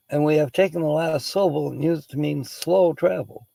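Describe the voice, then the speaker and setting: Male livestream host, gravelly and dark, casual reader of word trivia, dry close sound. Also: on the high side, fairly quick, hardly any pauses, no echo, rough recording. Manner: chatty, laughs often, greets viewers by name. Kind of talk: casual chat, reading word origins aloud.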